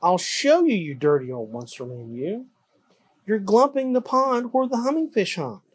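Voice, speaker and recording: Reader doing grumpy old storybook creature, croaking, scolding, husky, lively pitch. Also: a little slow. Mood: angry. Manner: scolding, indignant. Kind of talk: storybook read-aloud.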